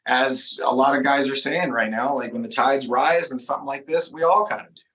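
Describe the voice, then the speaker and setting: Bright-voiced man rambling casually. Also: medium pitch, a little fast, poor audio. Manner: rambling, many restarts and fillers. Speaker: band member guest. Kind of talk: casual chat.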